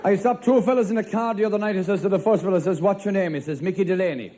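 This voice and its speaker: An Irish man with a raised, high-set voice spins deadpan stand-up yarns as a village policeman. Light laughter and faint room noise sit behind him on the live recording. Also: some chatter behind. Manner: deadpan storytelling, rapid one-liners in character as a policeman. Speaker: stand-up comedian. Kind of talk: live stand-up joke-telling.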